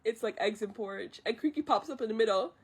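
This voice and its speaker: A young woman chats her way through a film plot on a livestream, voice breathy and soft. She rambles, second-guesses details and corrects herself as she goes. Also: fairly high pitch, quick pace. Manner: rambling, unsure, self-correcting. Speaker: streamer retelling a film. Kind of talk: casual livestream storytelling.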